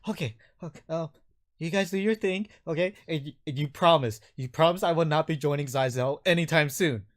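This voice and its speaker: Give me a man putting on a frightened, pleading NPC with a stammer, high-pitched and loud. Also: brisk, natural voice. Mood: nervous. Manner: stammering, panicky, begging.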